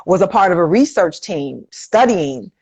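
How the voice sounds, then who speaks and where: A woman's voice: lowish voice, animated, a little slow, darkish tone, husky, no echo. A woman co-hosting a casual chat, earnest and affirming as she tells stories. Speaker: co-host.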